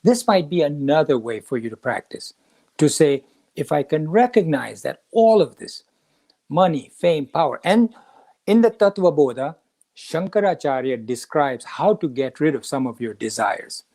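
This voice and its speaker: Animated man telling a scripture story. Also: a little high, normal speed. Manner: animated storyteller acting out quoted lines. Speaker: podcast host teaching the Gita.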